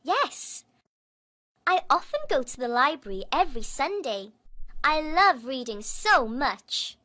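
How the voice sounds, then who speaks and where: A woman's voice: high-pitched, very animated, slow, pushed and bright, heavily acted. A woman voicing a friendly young schoolgirl who loves reading, answering sweetly and carefully.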